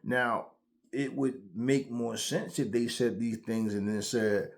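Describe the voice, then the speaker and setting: A man hosting a commentary vlog, ranting in a blunt, profane, animated way. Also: mid-range voice, slow pace. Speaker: channel host.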